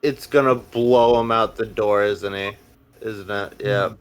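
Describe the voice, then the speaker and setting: A man's voice: lowish voice, steady tone, unhurried, clear, resonant tone, poor audio. A man playing in a tabletop game who makes short, casual remarks. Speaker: player.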